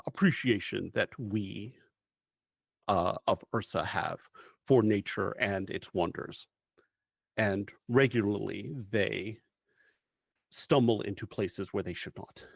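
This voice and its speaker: Homem fazendo um pequeno panda-vermelho muito sério. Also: male voice, fairly low pitch, gravelly, no echo, voice pushed down, exaggerated voice. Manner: formal, grave, stiff. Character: serious little red panda mission contact.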